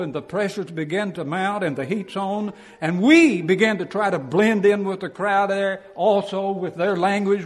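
A man's voice: high-pitched, big-room sound. A man preaching a Bible class sermon in a folksy, plainspoken way, acting out quotes and chuckling.

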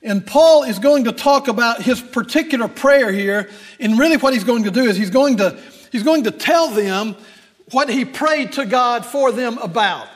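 An older male preacher giving a sermon in a folksy, easygoing way, pausing on fillers and restarting phrases. His voice sits high for a man. It rings with a long reverb, as in a church hall. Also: lively intonation.

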